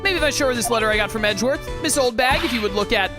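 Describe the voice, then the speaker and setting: A woman's voice: a little high, expressive, racing, natural voice. A woman reading as an earnest young male lawyer. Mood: polite. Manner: plain, polite questioning. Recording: game music underneath.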